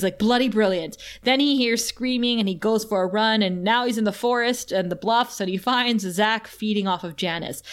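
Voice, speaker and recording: A woman's voice: mid-range voice, clear, resonant tone. Chatty woman recapping with laughs. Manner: animated, laughs often, acts out quotes. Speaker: podcast co-host. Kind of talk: casual recap chat.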